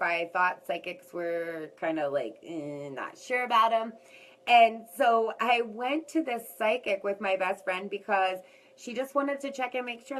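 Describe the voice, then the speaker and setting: A woman's voice: medium pitch, low-quality recording. Woman vlogger, candid and rambling, personal story told to camera. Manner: candid, rambling, talks straight to viewers as "guys".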